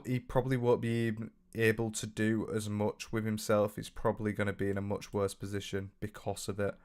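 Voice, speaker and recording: Hoarse young man rambling on stream. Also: lowish voice. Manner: loose and rambling, swears freely, trails off into ums. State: sore, hoarse throat. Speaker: livestreamer. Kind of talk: casual live stream chat, reading viewer comments aloud. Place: his own room.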